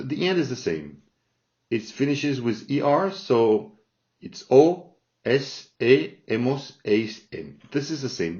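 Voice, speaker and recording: Slow man teaching grammar, lo-fi sound. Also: mid-range voice, darkish tone. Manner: slow, repeats forms, checks in with "all right?". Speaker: Spanish teacher. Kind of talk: explaining grammar from a chart. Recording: dull lo-fi sound.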